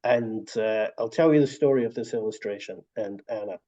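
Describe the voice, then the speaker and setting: Speaking at an ordinary pace in a voice on the low side, an author and story collector spins warm stories during a casual video call. He restarts frequently, and the audio is dull and lo-fi.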